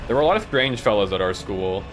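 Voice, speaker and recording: A man streaming a game and telling rambling school stories in a casual way, with a lot of "like" and frequent laughs. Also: on the low side. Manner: rambling, laughs often, lots of "like". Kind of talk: casual storytelling while gaming.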